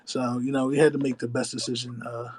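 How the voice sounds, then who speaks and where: Man, mid pitch, rambling explainer on a group call, leans on fillers. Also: flat delivery, fast, crowd noise, poor audio. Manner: rambling, fills with "you know what I mean". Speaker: crypto project lead. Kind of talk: casual group voice chat.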